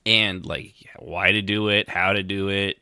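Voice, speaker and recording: Low-voiced guy cohosting a podcast, real bright edge, jokey and sarcastic, dry mic. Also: fairly even intonation, measured pace, clean tone, dry recording. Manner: joking, sarcastic, laughs often. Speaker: podcast co-host. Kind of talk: casual chat.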